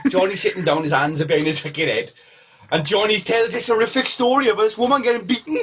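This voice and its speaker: A man's voice: high-pitched, quick pace, a bit bright, recorded from a distance, slight background noise. A man co-hosting a podcast, animatedly retelling film scenes with plenty of swearing. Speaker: podcast co-host. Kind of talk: casual chat reviewing a film.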